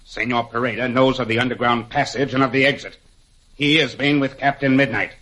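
An actor playing a cold, menacing master criminal who speaks in a measured, formal, threatening way in a 1940s radio drama. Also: male voice, mid-range voice, fairly even intonation, pushed and bright, poor audio. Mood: commanding.

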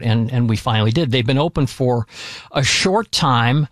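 A man's voice: mid-range voice, steady tone, moderate pace, dry recording, studio quality. Rambling, storytelling male radio co-host. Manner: rambling storyteller with many restarts. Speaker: radio show co-host talking about local dining. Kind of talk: casual chat.

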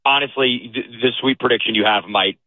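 Eager caller on a tinny phone line. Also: male voice, medium pitch, brisk, no room sound. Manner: hesitant, eager, full of fillers. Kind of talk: call-in chat.

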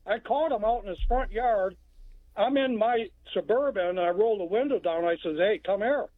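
A man from Texas calling in to a radio talk show, telling a story in a plainspoken, rambling way with halting restarts. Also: high-pitched, no echo. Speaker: caller. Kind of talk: phone-in storytelling. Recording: phone line.

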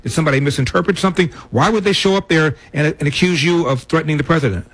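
A man hosting a call-in radio show, asking a caller probing questions and calmly steering the conversation. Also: a little high, rapid-fire, husky, dry recording. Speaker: radio talk show host.

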